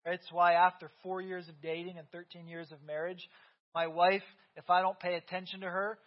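Pastor, man, 30s, high voice, casual back-and-forth sermon delivery, dull lo-fi church recording. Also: flat delivery, moderate pace. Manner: conversational, keeps asking "right?". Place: church sanctuary.

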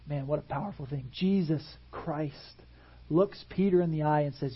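A man preaching a sermon in a church, animated and full of rhetorical questions to the congregation. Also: fairly high pitch, normal speed, slightly rough, dull audio. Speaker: pastor. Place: church sanctuary.

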